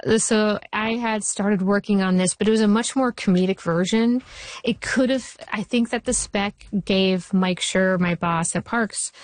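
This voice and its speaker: A woman television writer answering interview questions, telling stories with lively acted-out quotes. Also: mid-range voice, unhurried, no echo. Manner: animated, acts out quoted voices in anecdotes. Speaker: TV writer and showrunner guest. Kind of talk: conversational interview storytelling.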